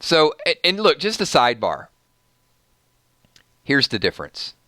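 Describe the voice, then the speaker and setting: This Southern-accented man's voice sits a little high and swoops wildly in pitch, though his pace stays measured, pushed and bright on a dry recording. Hosting a YouTube livestream, he addresses viewers head-on and works himself into an emphatic, fired-up rant.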